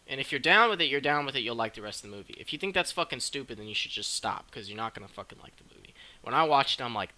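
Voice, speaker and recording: Excitable, profane young man reviewing a movie. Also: mid-range voice, a little fast. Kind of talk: casual movie review vlog.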